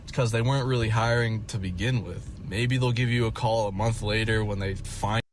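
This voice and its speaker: A man's voice: on the low side, fairly even intonation, moderate pace, slight background noise. A man telling a story in a casual vlog, rambling and swearing often, with many fillers. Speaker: vlogger.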